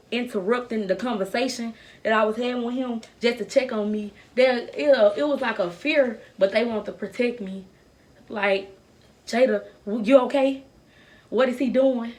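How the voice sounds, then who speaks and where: Earnest young woman with a higher voice. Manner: earnest, emotional storytelling. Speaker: vlogger telling a personal story. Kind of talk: storytime vlog.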